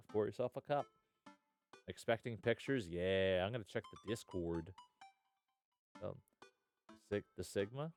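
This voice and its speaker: Laid-back low-voiced male streamer. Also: darkish tone. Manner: laid-back, rambling, lots of "uh" and "hell yeah". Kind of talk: casual live-stream chat.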